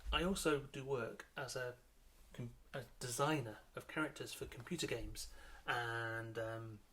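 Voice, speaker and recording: A middle-aged man, a children's illustrator, chatting in a friendly, unhurried way to children while he draws, with frequent ums. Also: medium pitch, a bit bright. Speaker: children's author and illustrator leading a drawing workshop.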